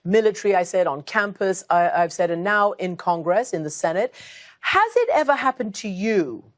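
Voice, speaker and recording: A woman's voice: mid-range voice, sing-song, normal speed. A woman interviewer on a television news program poses formal, pointed questions. Her voice sits in an ordinary middle range.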